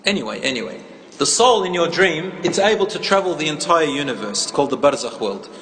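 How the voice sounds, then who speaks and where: A man's voice: on the high side, big pitch swings, brisk, a bit bright. A man giving an interactive Islamic lecture, telling a story and questioning the audience, mixing in Arabic phrases. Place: lecture hall with live audience. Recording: echoey hall, faint ambient noise.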